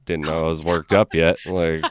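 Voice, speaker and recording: Very low-voiced man telling a rambling story. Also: little pitch movement, moderate pace, clear, resonant tone, dry recording. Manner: rambling anecdote full of "like", acting out quoted people. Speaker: gaming stream host. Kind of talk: casual storytelling chat.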